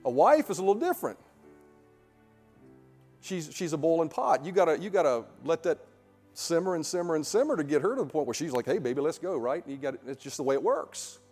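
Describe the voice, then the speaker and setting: A middle-aged male pastor preaching a sermon in a church sanctuary, emphatic, full of rhetorical questions, building to loud peaks. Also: fairly high pitch, sing-song, a little fast, breathy edge, big-room sound, faint music behind.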